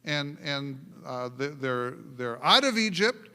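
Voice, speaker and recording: A man preaching a sermon as pastor, telling stories in an animated way and often laughing and restarting his sentences. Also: fairly high pitch, slow pace, smooth. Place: church sanctuary. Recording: long church hall reverb.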